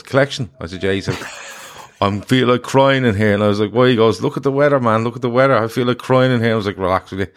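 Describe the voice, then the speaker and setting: A man in his thirties with an Irish accent, co-hosting a football podcast and telling stories in a chatty, laughing, sweary way. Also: low voice. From Ireland. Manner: chatty storyteller, swears freely, laughs often. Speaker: podcast co-host. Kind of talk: casual chat.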